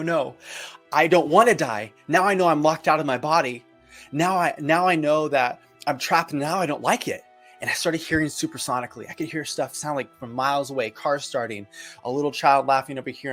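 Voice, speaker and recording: A man telling his near-death experience as a personal testimony, earnest and vivid, with dramatic pauses. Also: medium pitch.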